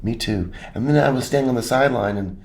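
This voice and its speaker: A man, a music producer, talking animatedly in a relaxed interview and now and then breaking into bits of song. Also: mid-range voice, fast. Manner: animated, breaks into sung snatches. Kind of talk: casual interview chat.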